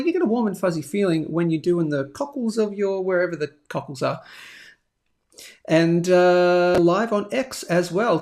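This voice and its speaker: A man hosting a daily live stream, chatting casually and rambling as he reads out viewer comments. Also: high-pitched. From Australia. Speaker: host of a daily live show.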